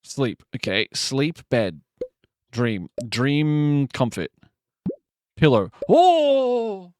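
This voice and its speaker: A man streaming a word game live, muttering guesses to himself with sudden excited outbursts. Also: mid-range voice, very slow, no echo, studio quality.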